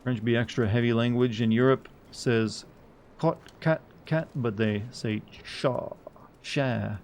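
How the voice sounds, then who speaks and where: A man's voice: mid-range voice, a little slow, darkish tone, slight background noise. A man streaming a video game live, rambling casually, chuckling, and fumbling as he tries out pronunciations.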